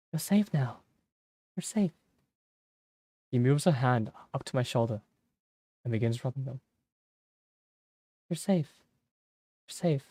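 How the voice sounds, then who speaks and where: A man voicing a caring young man who pleads frantically, then soothes a friend softly, in a game. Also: medium pitch, no room sound, natural voice. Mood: soothing.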